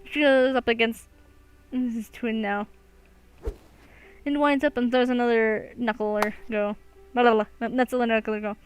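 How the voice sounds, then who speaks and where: A woman's voice: on the high side, fairly even intonation, normal speed, pauses often, faint music behind, low-quality recording. A young woman reading a visual novel aloud, laughing and stumbling over words now and then. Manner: reads with frequent laughs and slips. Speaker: let's play gamer.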